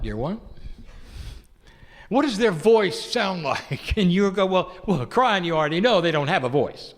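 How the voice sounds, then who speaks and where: Speaking with a fairly high voice, a man channels an ancient, loving spirit entity that addresses listeners tenderly, poses rhetorical questions, and chuckles softly. The recording carries a long hall reverb.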